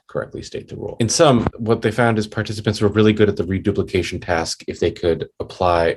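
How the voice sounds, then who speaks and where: Husky-voiced man giving an academic talk. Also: lowish voice, darkish tone. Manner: explanatory, acts out dialogue examples casually. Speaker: conference presenter.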